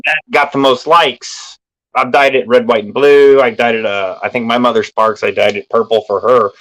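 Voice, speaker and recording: A man's voice: mid-range voice, steady tone, moderate pace, fairly bright tone, rough recording. A man talking in a casual live stream chat as a guest, self-deprecating and laughing easily. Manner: self-deprecating, chuckles often.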